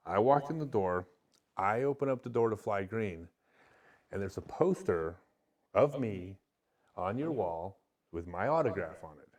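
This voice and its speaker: A middle-aged man, a podcast guest, candidly telling an emotional personal story with many restarts. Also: lowish voice.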